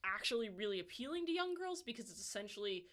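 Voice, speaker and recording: Woman co-host, musing casual talker, bright fairly high voice. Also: sing-song, fast. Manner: musing, thinks aloud with many "like"s. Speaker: podcast co-host. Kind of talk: casual chat.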